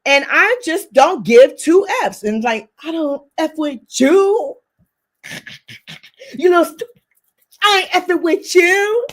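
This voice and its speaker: A woman in her twenties co-hosting a couples podcast, telling her side in an emphatic, animated casual chat. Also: very high voice, slow, pauses often. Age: 20s. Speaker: podcast co-host.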